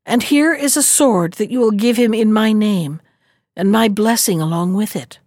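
A woman voicing a gentle, sorrowful young princess in an earnest, pleading storybook manner. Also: medium pitch, normal speed, no echo, clean studio sound, natural voice.

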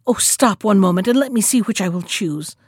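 A woman voicing an eager young peasant girl who cries out in excited, breathless delight. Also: medium pitch, a little fast, slightly rough, no room sound, studio quality.

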